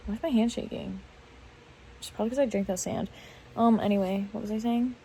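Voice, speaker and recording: A woman's voice: mid-range voice, steady tone, a little fast, long pauses, dark tone, a little hiss or hum, poor audio. A young woman chatting casually into her phone camera in bed at night, rambling and laughing at herself. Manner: rambling, self-mocking, giggly. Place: bedroom at night.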